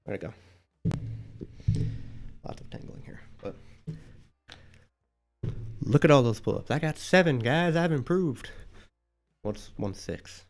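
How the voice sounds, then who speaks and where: A man's voice: medium pitch, lively intonation, takes it slowly, gravelly, long pauses, darkish tone, faint music behind. A man chatting casually to his live-stream viewers, out of breath after doing pull-ups and rambling as he thinks aloud. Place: indoors at home.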